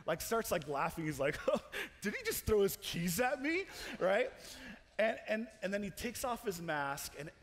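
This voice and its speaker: A young man preaching in a chapel, telling a story with animated energy, laughing and restarting his sentences as he goes. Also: fairly high pitch. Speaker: chapel speaker. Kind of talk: storytelling sermon. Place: large chapel hall. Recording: long hall reverb.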